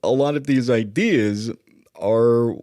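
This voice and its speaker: A man's voice: medium pitch, slow, warm tone, no room sound, studio quality. A man co-hosting a casual film-discussion podcast who analyzes ideas and leads with questions. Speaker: podcast co-host.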